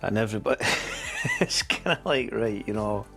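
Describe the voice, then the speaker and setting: A man's voice: lowish voice, fairly quick, vocal fry, fairly bright tone, faint music behind. A Scottish man hosting a casual livestream, rambling and swearing freely, with chuckles along the way. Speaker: streamer host.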